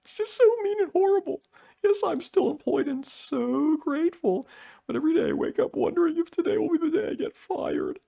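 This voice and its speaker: Squeaky, tearful bureaucrat, whiny and wounded, put on by a man. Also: lively intonation, brisk, gravelly, mellow, heavily acted. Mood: weepy. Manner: falsetto, sobbing, self-pitying. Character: tearful anxious federal office worker.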